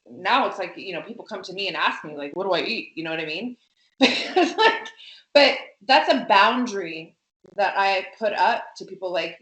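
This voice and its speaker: A woman guest talking about food boundaries in a casual interview, emphatic and animated, with lots of fillers. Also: medium pitch, echoey room, poor audio. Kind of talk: casual conversation.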